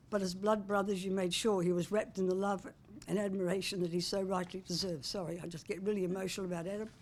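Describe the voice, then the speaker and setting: A woman's voice: on the low side, darkish tone. Heartfelt older woman giving a speech. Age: 70s. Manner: heartfelt and affectionate, with wry humour. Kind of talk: prepared speech at a book launch.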